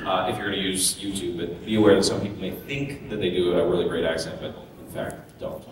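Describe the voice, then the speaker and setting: A man voice actor explains his workshops in a relaxed, easygoing way. His voice comes from some distance in a reverberant convention room. Faint ambience hums behind him. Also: deep voice, fairly quick, a little hiss or hum. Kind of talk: casual panel talk. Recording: echoey hall recording from far off.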